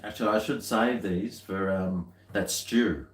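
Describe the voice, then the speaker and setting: A slow-talking Australian man with a lowish voice, chatting casually as he tastes beer. His talk rambles, dry and full of half-muttered asides. The sound bounces around an echoey room. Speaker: beer-tasting vlogger. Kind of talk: casual chat while tasting beer.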